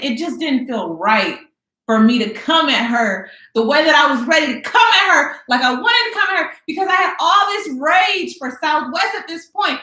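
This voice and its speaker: A woman in her twenties tells a story to her viewers, casual and slangy, acting out each moment dramatically. Her voice sits a little high. The room around her rings with a noticeable echo. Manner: animated, dramatic retelling with slangy asides. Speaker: vlogger. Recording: echoey room.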